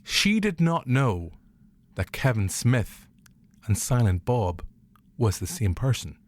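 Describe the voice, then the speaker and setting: A man's voice: mid-range voice, sing-song, takes it slowly. A man with a Northern Irish accent hosting a podcast, chatting casually in a jokey, rambling way. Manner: jokey, rambling storyteller who laughs often. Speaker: podcast host. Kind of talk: casual chat.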